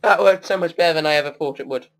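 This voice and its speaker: A man's voice: a little high, rapid-fire, a bit bright. Chatty young gamer guy. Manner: chatty, laughs and taunts while playing. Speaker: gameplay commentator. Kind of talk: casual gameplay commentary.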